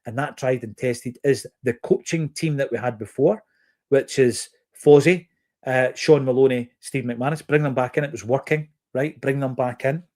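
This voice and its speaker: Here a football podcast host from Fife, Scotland, works through listener comments in his Scottish accent. His mid-range voice is a little mellow, and his delivery is earnest, opinionated and measured, with the occasional filler.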